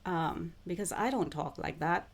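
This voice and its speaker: Slow, low-voiced woman channeler. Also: vocal fry. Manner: slow, repetitive, deliberate phrasing. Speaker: self-described psychic channeler. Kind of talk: spiritual monologue to camera.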